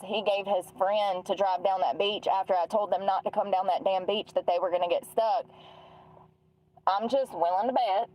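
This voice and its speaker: A talkative woman with a drawl tells a long, rambling story, acting out what other people said to her in quick quoted snatches. She curses freely and laughs often as she talks. Her voice sits at an everyday middle pitch. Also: muffled recording. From North Carolina. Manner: chatty, laughing, profane, quotes others in dialogue. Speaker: streamer telling stories.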